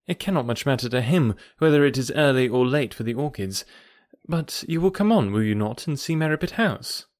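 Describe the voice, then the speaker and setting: A man voicing a young woman in an audiobook, speaking in a low, eager voice with a slight lisp and hushed, hurried warnings. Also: expressive, dry recording, studio quality, close to an everyday voice. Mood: polite. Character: young woman, urgent and secretive. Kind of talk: audiobook character voice.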